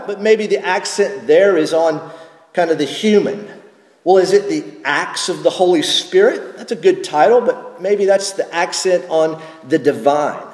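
A man preaching a sermon, teaching at a measured pace and asking rhetorical questions of the congregation. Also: on the high side, a little mellow, echoey room, long reverb tail. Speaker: pastor.

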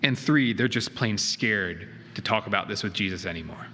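A man's voice: lowish voice, moderate pace, bright, forceful tone. Man preaching in an echoey church. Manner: earnest, emphatic, with rhetorical questions. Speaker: pastor. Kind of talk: sermon. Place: church sanctuary. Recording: reverberant hall with faint noise.

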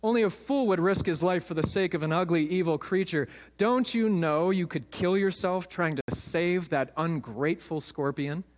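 A man voicing an alarmed male passerby who shouts and scolds, in a reverberant hall. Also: high voice, normal speed, hardly any pauses, lightly acted. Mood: alarmed scolding.

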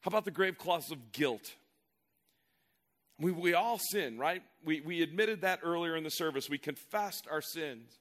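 Man, pastor, sermon, earnest, emphatic, fairly high voice. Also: expressive, normal speed, a bit bright. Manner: earnest, emphatic preaching with repeated phrases.

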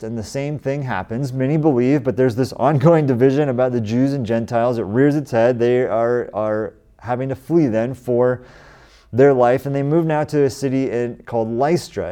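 A man's voice: mid-range voice, dark tone. A man in his forties from the United States preaching a sermon in a conversational way, lifting his voice when he quotes scripture. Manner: conversational, rising with emphasis when quoting scripture. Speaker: pastor.

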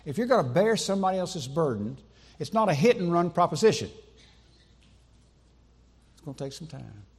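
A man preaching a sermon in a church sanctuary, emphatic, with slow deliberate pauses and repetition for stress. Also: on the high side, big pitch swings, husky. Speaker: pastor.

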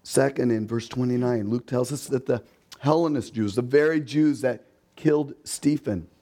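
Preaching at a normal pace in a warm, mid-range voice, this pastor tells his sermon like a story. He asks his listeners rhetorical questions, repeats key words for emphasis and briefly voices the people he quotes.

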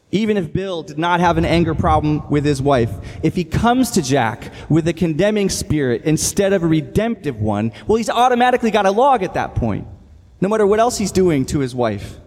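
A man's voice: on the high side, very animated, normal speed, a little mellow, in a large hall. A man preaching a sermon as a pastor, earnest and reading scripture aloud with emphasis.

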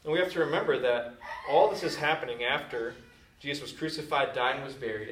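A man's voice: mid-range voice, fairly bright tone, a little hiss or hum. A man preaching a sermon as a pastor, telling a story in a casual, conversational way. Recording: echoey room from a distant mic.

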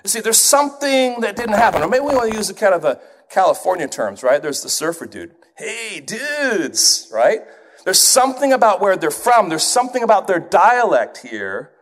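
A man who grew up in England, preaching a sermon in an animated way and putting on accents to illustrate his points. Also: high-pitched, brisk, hardly any pauses.

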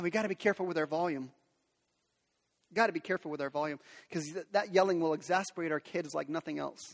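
High-voiced man preaching in a reverberant hall. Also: fairly bright tone. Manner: earnest, conversational preaching to parents. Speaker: pastor. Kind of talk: sermon. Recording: long reverb of a large hall.

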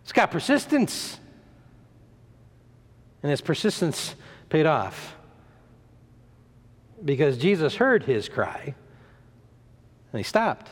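A man preaching a sermon, retelling a story in an animated way, acting out the voices, sometimes stumbling and repeating words. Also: fairly high pitch, takes it slowly, pauses often, husky. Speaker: pastor. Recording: long hall reverb.

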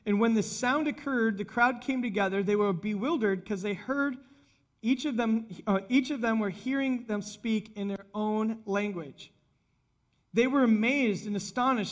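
High-voiced conversational male pastor. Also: moderate pace. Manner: conversational, animated when retelling scenes. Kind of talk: sermon.

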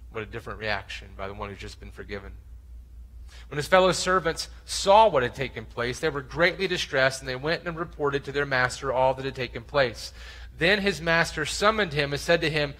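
Reading scripture during his sermon, a pastor with a mid-range, sharp-toned voice acts out its characters with real passion. The recording sounds rough.

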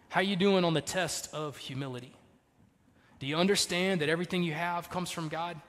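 Pastor guy preaching, high voice, big echoey hall, punchy then soft. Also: brisk. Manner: emphatic, swings between loud punches and soft trailing lines. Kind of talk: sermon.

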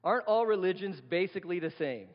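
A man's voice: sits high, animated, quick pace. A male pastor delivering a sermon in a conversational style, often putting questions to the congregation, recorded in a church. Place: church sanctuary. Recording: long hall reverb, dull lo-fi sound.

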